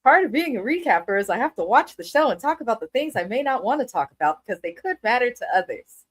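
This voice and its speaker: A woman's voice: fairly high pitch, sing-song, fast, no room sound. A woman co-hosting a reality show recap in casual chat, blunt, profane and playfully dramatic.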